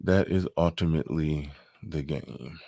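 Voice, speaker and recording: Hosting a casual live stream, a very low-voiced man reads the chat aloud, riffs loosely, repeats phrases, and chuckles between points. His voice is mellow with vocal fry, and he keeps a measured pace. The close, dry recording has no echo.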